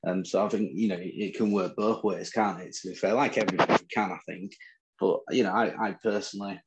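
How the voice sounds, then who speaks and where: Northern english bloke, really low gravelly voice, cocky teasing podcast banter. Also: male voice, steady tone, brisk, lo-fi sound, very noisy. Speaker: podcast co-host. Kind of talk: casual chat about fantasy football.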